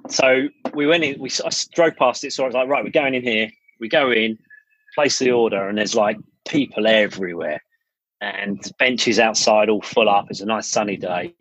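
A man's voice: fairly low pitch, normal speed, a bit bright, no room sound. A middle-aged English man, a studio founder, chatting casually as a podcast guest and telling stories with frequent restarts. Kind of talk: casual interview storytelling. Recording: dull lo-fi podcast audio.

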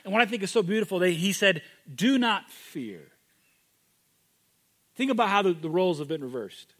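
A man preaching a sermon, moving from loud, emphatic declarations to hushed, intimate moments. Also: high-pitched, expressive, very fast. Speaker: pastor.

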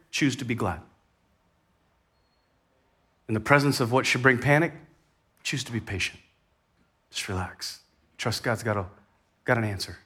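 A man preaching a sermon in a conversational way, rising in intensity and then dropping to a hushed tone. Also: medium pitch, slightly rough. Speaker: pastor.

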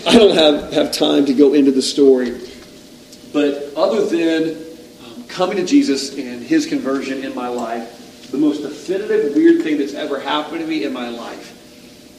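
Male pastor, casual sermon, quizzes the crowd, faint background hum, echoey room. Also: on the high side. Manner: conversational, self-deprecating, asks the audience questions. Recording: echoey room, distant mic.

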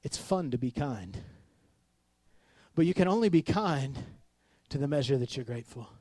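A man preaching through a personal story, self-mocking and animated, often getting loud and excited. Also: mid-range voice, moderate pace, dry recording. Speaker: pastor. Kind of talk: sermon storytelling.

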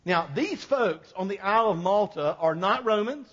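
A man's voice: high-pitched, expressive, moderate pace, fairly bright tone. A male pastor preaching a sermon, telling a folksy story and joking with the congregation. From American South. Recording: long hall reverb, dull sound.

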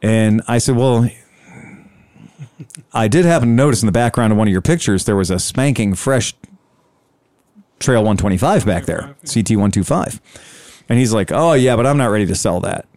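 A man's voice: lowish voice, moderate pace, pauses often, a little mellow, no echo. A man telling a long sales story in casual chat, acting out both sides of the conversation. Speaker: scooter dealer telling a story.

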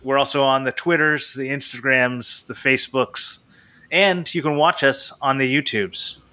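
A man's voice: medium pitch, unhurried, pushed and bright. A man hosting a casual podcast, rambling with frequent laughs. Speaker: podcast host.

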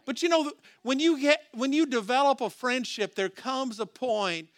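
A man's voice: very high voice, animated, normal speed, few pauses, fairly bright tone, no echo, studio quality. A man preaching a sermon as pastor, talking to the congregation in a conversational way, with rhetorical questions and frequent restarts.

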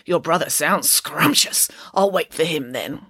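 A woman's voice: sits low, expressive, measured pace, bright, forceful tone, breathy edge, full character voice. A woman voicing a hungry but lonely male troll in a storybook reading, who growls threats and is then easily talked round. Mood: menacing.

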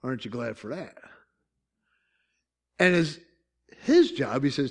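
A man's voice: medium pitch, very animated, takes it slowly, pauses often, a little mellow, slightly rough. Guy preaching, chatty and jokey, voice jumps all over the place. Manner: conversational, joking asides, asks the congregation questions. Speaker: pastor. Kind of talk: sermon.

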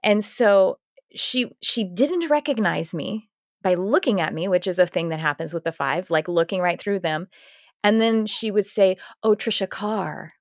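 A woman's voice: medium pitch, animated, moderate pace, no echo, studio quality. A woman hosting a podcast, chatting casually and rambling, with frequent restarts. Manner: rambling, restarts, acts out quoted voices. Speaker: podcast host.

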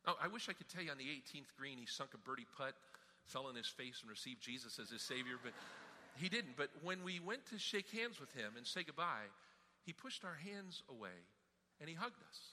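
A man pastor giving a sermon, telling a story with animated, emphatic delivery. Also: mid-range voice, a little fast. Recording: hall reverb.

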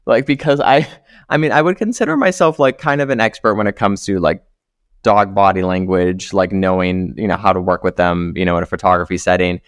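A man's voice: low voice, fairly quick, clear, resonant tone, no room sound. A man co-hosting a podcast, chatting in a loose, easygoing, rambling way. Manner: easygoing, loose and rambling, many fillers and laughs. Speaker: podcast co-host. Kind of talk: casual chat.

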